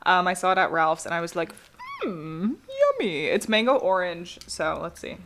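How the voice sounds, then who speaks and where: A woman's voice: fairly low pitch, a little fast, fairly bright tone, slight background noise. A young woman co-hosting a podcast, chatting casually and jokingly from an apartment, with lots of fillers and laughter. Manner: giggly, joking, rambling with fillers. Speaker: podcast co-host. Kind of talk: casual chat. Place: apartment with traffic outside.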